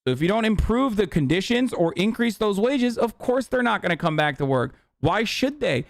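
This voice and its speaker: Male streamer, fired-up profane rant, fairly high voice, dry close sound. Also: very animated, moderate pace, gravelly, few pauses, no room sound. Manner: heated, profane, ranting. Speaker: streamer reacting to a clip. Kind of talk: casual profane reaction commentary.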